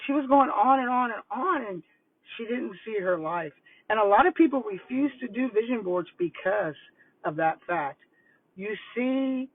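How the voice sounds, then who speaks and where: An older woman coaching on vision boards, telling stories in a casual, animated, rambling way. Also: medium pitch, no room sound. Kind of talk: casual livestream talk. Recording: tinny phone-like line, dry.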